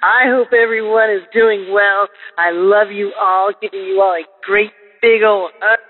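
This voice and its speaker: A man rambles through a story in a phoned-in message. His voice is notably high. It comes over a tinny line with long reverb. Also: fairly even intonation, unhurried. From Oklahoma, US. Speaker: caller.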